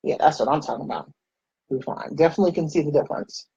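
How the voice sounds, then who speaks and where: Chatty woman vlogger, low and husky. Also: fast talker, no echo, muffled recording. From United States. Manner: chatty storytelling, animated quoted voices, frequent laughs. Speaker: makeup vlogger. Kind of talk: casual chat while doing makeup.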